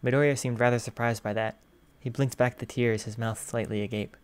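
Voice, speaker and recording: A man's voice: medium pitch, steady tone, brisk, clean tone, dry recording. Man narrating a fan fiction audiobook.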